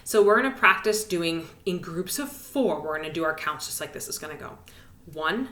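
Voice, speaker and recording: Woman, elementary music teacher, video lesson for little kids, animated pitch, echoey room. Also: fairly quick. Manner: cheerful, encouraging, sing-song with whispered rests. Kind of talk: video lesson for young children.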